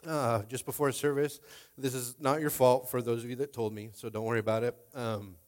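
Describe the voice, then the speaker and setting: A man's voice: medium pitch, level tone, brisk. A middle-aged man pastor preaching a sermon in a casual, rambling way, full of fillers, tearful and emotional.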